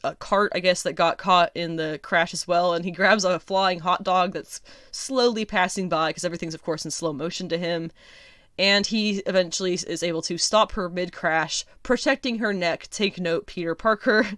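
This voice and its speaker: A woman hosting a casual solo review podcast, chatty and sarcastic, laughing often and filling pauses with ums. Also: fairly low pitch, a bit bright, no room sound, studio quality. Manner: chatty, lots of ums and restarts. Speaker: podcast host.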